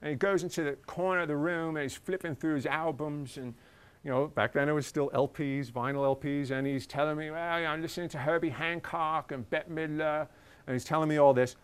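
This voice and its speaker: A man's voice: fairly high pitch, fairly even intonation, fairly quick, clean tone. A man, a journalist, telling a casual anecdote in a chatty way, with many ums and uhs.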